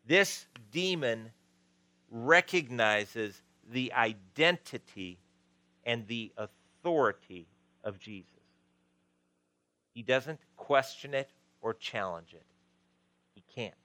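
A man's voice: medium pitch, expressive, slow pace, long pauses, pushed and bright, dry recording. A man preaching a sermon as pastor, conversational, with frequent restarts and asides.

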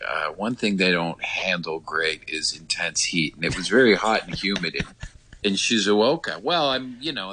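Chatty Irish man, low bright voice. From Ireland. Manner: rambling, chatty, many fillers and restarts. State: slightly hoarse. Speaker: correspondent. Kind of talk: casual radio phone interview.

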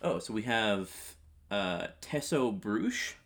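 A man's voice: fairly low pitch, expressive, slow pace, gravelly, a bit bright. A young man co-hosting a podcast in casual chat, with a dry, joking manner. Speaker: podcast co-host.

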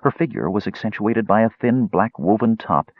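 A man narrating a fantasy story in a dramatic, expressive reading. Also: on the low side, normal speed, slightly rough, no echo, narrow, tinny audio. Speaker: audiobook narrator.

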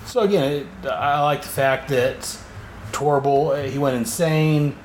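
A man's voice: fairly high pitch, a little slow, a little hiss or hum. A man hosting a podcast, rambling through a casual comic book recap. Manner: rambling, with fillers and restarts. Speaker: podcast host. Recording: echoey room, faint ambience.

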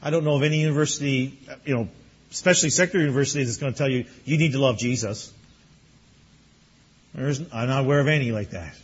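Preaching to graduates, a male pastor tells a story with chuckles and then presses them earnestly. He speaks fast in a mid-range voice with a breathy edge, and the audio's high frequencies are cut off.

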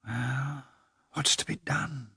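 A man voicing an earnest, weary landowner who mutters quietly and introspectively. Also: mid-range voice, takes it slowly, gravelly, breathy edge, no room sound, clean studio sound, voice pushed up, heavily acted. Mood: brooding.

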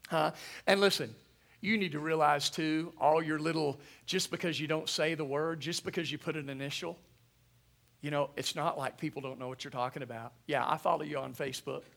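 A middle-aged pastor preaching with a lively call-and-response manner. His voice sits somewhat high and carries a gravelly edge. The tone is bright and forceful. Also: brisk. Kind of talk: sermon.

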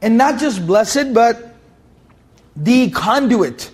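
A man's voice: extremely high pitch, big pitch swings, drawn-out words. A man teaching a Quran commentary lesson, speaking emphatically, repeating key phrases and chanting Arabic verses.

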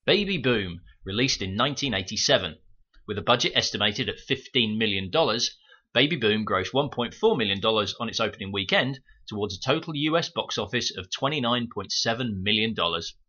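With a fairly low, expressive voice that's pushed and bright, a UK man reads scripted notes for his film podcast a little fast. The muffled home microphone carries his wry, sarcastic side remarks.

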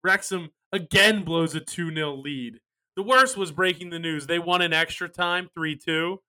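Male podcast host, high and bright voice, wry ranting banter. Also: a little slow. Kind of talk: casual sports betting podcast chat.

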